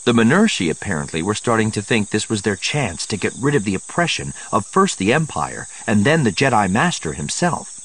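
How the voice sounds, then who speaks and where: A man narrating an audiobook in a measured storytelling manner. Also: lowish voice, sing-song, fairly bright tone, husky.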